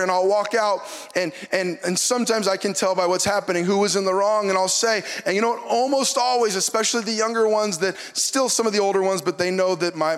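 A man delivers a sermon from the pulpit of a church, his voice sitting notably high for a man. He preaches in a lively, conversational manner and repeats phrases for emphasis. A long reverb from the large sanctuary trails behind his words. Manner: animated, conversational preaching with repetitions. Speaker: pastor.

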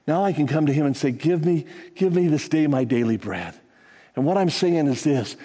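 A man with a slightly raised, husky voice, preaching to his congregation. He talks conversationally and breaks into animated retellings of scripture stories. His voice rings out with the long reverb of a large hall. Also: a little high, moderate pace. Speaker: pastor. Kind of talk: sermon.

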